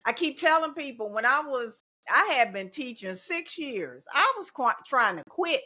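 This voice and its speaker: A woman's voice: high-pitched, big pitch swings, moderate pace, bright, forceful tone. A middle-aged woman, a teacher and union organizer talking casually and determinedly as a podcast guest. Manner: determined, speaks in slogans, laughs easily.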